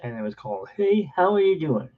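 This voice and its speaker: A man's voice: fairly high pitch, very animated, fairly quick, phone-quality sound, faint music behind. A man in his forties, host of his own channel, telling a blunt, wry story in a casual rambling monologue. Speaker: channel host playing keyboard.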